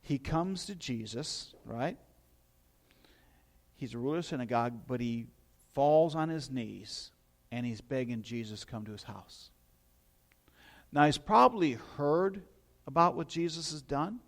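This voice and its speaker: A man's voice: medium pitch, expressive, a little slow, pauses often. A middle-aged male pastor preaching a sermon in a conversational storytelling way, with asides to his listeners.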